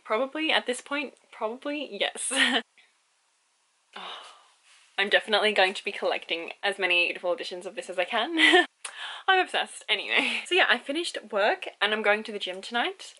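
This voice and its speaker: A young woman chats about her books in a bright, clear voice. She gushes and laughs as she talks, and she cannot contain her excitement. It sounds like a casual vlog recorded at home. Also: medium pitch, poor audio. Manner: gushing, excitable, laughs often. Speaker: book vlogger.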